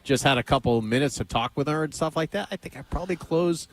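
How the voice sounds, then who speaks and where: A man's voice: on the high side, quick pace, a little hiss or hum, low-quality recording. A middle-aged man hosting a radio show, chatting casually with a confident, coaxing pep-talk manner. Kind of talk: casual on-air banter.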